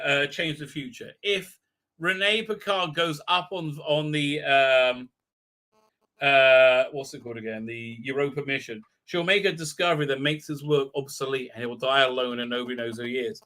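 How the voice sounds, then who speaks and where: Bright-voiced man rambling through a recap. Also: fairly high pitch. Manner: rambling, filler-heavy, irreverent. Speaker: show host. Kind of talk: live stream episode recap.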